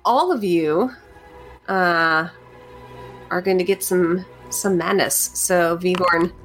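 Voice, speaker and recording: A woman narrating as game master of a tabletop game, often pausing with fillers as she searches for words. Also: on the low side, faint music behind. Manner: hesitant, many fillers.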